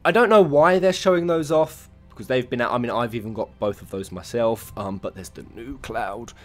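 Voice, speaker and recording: A young man, chatting excitedly and swearing freely as he shows off his collection at home. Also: mid-range voice, brisk, faint music behind. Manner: swears freely, stumbles over words when excited. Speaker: vlogger showing his figure collection. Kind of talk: excited casual vlog. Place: home room with shelves.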